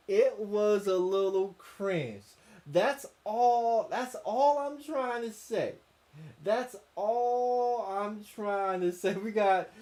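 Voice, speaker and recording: A man's voice: high voice, darkish tone. A man hosting a casual commentary stream, reading chat comments aloud with stammering repeats, chuckles and incredulous questions.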